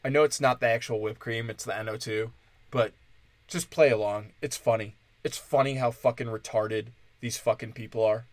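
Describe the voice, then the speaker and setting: A man's voice: medium pitch, steady tone, normal speed, no echo. A man from Wisconsin hosting a solo comedic rant, profane and sarcastic, swinging between mocking asides and exasperated outbursts.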